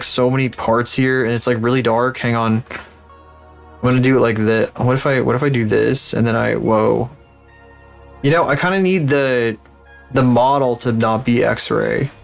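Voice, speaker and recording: A male streamer rants loosely and swears freely, his voice in a middling pitch. Faint background music plays under him as he works on stream. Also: moderate pace, creaky. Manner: profane, ranting, animated. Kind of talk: casual livestream chat while working.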